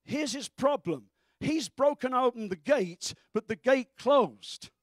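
A man preaching with great fervor, his voice sitting very high and rising into shouts to drive his points home. The sound is close and dry, with no room echo. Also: lively intonation, takes it slowly. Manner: fervent preaching that breaks into shouts. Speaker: pastor. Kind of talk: sermon.

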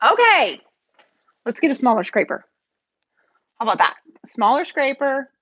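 A woman's voice: a little high, expressive, moderate pace, breathy edge, no room sound. Chatty nervous woman painting on a livestream. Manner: chatty, nervous, talks to commenters. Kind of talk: casual live chat while painting. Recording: dull dry home-stream audio.

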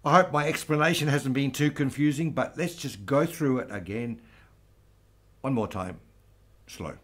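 A man teaching flamenco guitar, explaining strumming patterns slowly and patiently. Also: medium pitch, a bit bright. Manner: slow, patient, counts aloud over playing. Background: flamenco guitar playing.

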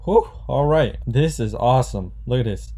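A man's voice: mid-range voice, expressive, moderate pace, dark tone. A young man casually narrating his game development vlog, joking and addressing viewers as boys.

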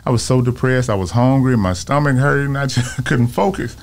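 A man in his fifties, a filmmaker guest on an interview show, telling personal stories in a casual, animated way and acting out the voices of people he quotes. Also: mid-range voice, brisk. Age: 50s.

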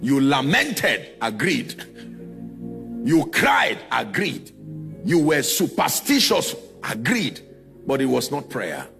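A man's voice: medium pitch, huge pitch swings, slow, gravelly, over music. A man preaching a sermon to a congregation, drawing responses from them and sliding into sung, chanted phrases. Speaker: pastor.

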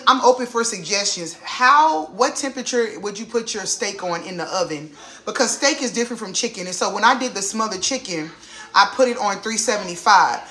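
A woman vlogging in her home kitchen, talking in a loud, assertive way and laughing easily. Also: medium pitch. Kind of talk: casual family cooking vlog. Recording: echoey kitchen with clattering pots.

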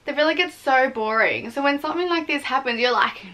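A woman's voice: sits high, lively intonation, normal speed, sharp tone. A young woman in her twenties chatting casually while reacting to clips of herself, swearing freely and mocking herself.

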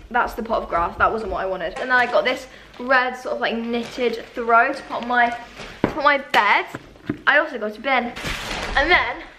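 A woman's voice: on the high side, bright, forceful tone, a little hiss or hum, low-quality recording. A woman chatting casually in a vlog, self-mocking and talkative. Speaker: vlogger.

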